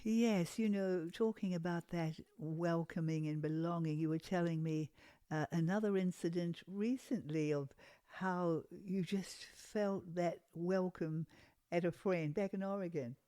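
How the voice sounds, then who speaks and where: A woman's voice: on the low side, unhurried, dark tone, dry recording. A woman hosting a podcast interview, prompting her guest and affirming with short replies. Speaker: podcast host. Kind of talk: interview chat.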